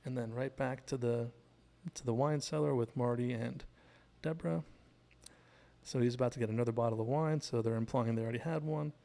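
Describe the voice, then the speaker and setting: A man hosts a casual scene-by-scene breakdown of a TV episode, recapping the plot and drifting into asides. His middle-range voice has a steady gravelly fry. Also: mid-range voice, brisk. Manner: chatty and digressive, retells scenes. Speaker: TV show analysis host.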